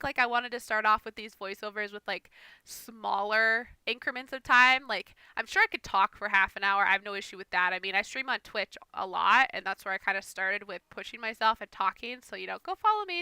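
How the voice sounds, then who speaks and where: Young woman chatting through a game voiceover, kinda nervous and rambly, super bright smooth voice, dry sound. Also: fairly high pitch, dry recording. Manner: chatty, rambling, self-conscious. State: a little nervous. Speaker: gaming streamer. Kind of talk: casual gameplay voiceover commentary.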